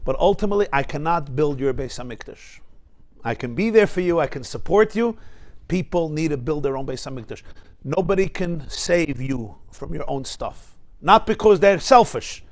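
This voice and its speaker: A man teaching a Torah class, emphatic and lively, weaving Hebrew quotations into his talk. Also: a little high, normal speed. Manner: emphatic, mixes Hebrew and Yiddish terms into English, acts out voices.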